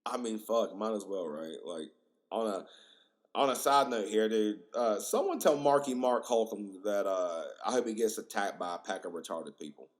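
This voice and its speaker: A young man hosting a casual solo podcast, rambling and profane, excitable and full of fillers. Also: lowish voice, moderate pace. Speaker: podcast host.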